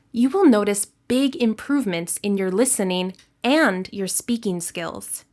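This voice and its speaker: Slow, clear American woman teaching English. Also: fairly high pitch. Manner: clear, deliberate explanations. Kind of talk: scripted lesson narration.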